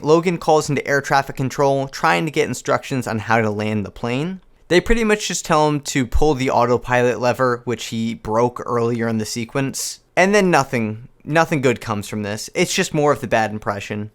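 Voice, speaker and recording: A man's voice: medium pitch, normal speed, hardly any pauses. A man hosting a comedic video commentary, sarcastic and incredulous. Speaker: commentary youtuber.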